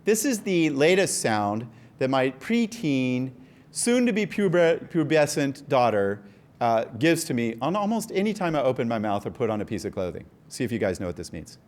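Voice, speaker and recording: A man's voice: mid-range voice, big pitch swings, moderate pace, a little mellow. A middle-aged man giving an enthusiastic, joking science lecture and quizzing the audience. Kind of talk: lively scientific talk. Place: lecture room.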